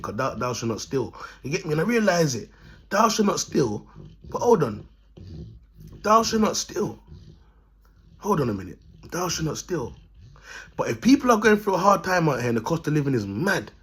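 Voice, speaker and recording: A husky man with a voice pitched a little high delivers a rambling monologue to camera. His talk is streetwise and preachy, and he keeps calling out to his viewers as he goes. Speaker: vlogger.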